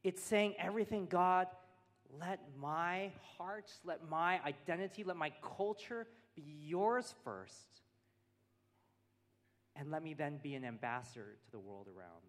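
An American man preaching a sermon from the front of a church hall, his voice sitting a little higher than most men's. He talks earnestly and stacks up his points in repeated phrases, and a long reverb trails each line through the hall. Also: a little slow, fairly bright tone. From United States. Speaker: pastor.

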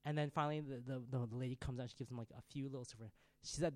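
A man in his thirties preaching a sermon, telling a family story in a conversational, animated way. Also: fairly high pitch, fast, dry recording.

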